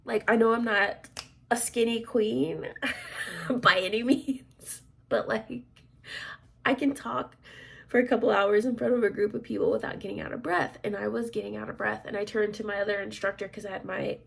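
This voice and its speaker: A woman in her thirties chatting casually as a vlogger, rambling with lots of fillers, clearing her throat often and dropping to soft asides. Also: on the high side, fairly even intonation, moderate pace. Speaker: crafts vlogger and military instructor. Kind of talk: casual chat.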